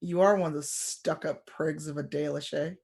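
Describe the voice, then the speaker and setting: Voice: medium pitch, steady tone, normal speed, gravelly, darkish tone, husky, pitched below the performer's own voice. A game master voicing a young female city elf who is brash and scornful and talks bluntly.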